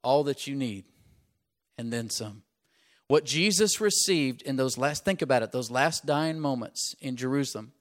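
A man preaches to his congregation, mid-pitched and steady in his ordinary talk. He breaks off to ask for an amen or to have the room repeat a phrase, and he leans hard on the key words. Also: normal speed. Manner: call-and-response asides, punches key phrases. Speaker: pastor. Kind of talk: sermon.

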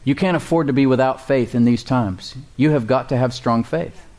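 A male pastor delivers a sermon in a mid-range, slightly mellow voice. He calls out for responses from the congregation and reads scripture slowly and deliberately.

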